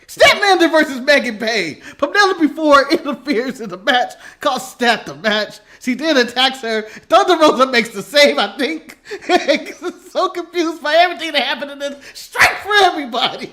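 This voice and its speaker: A man's voice: very high voice, expressive, moderate pace, few pauses, bright, forceful tone. An American man co-hosting a casual wrestling recap, laughing often and talking with lots of energy as he goes through his notes. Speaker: podcast co-host.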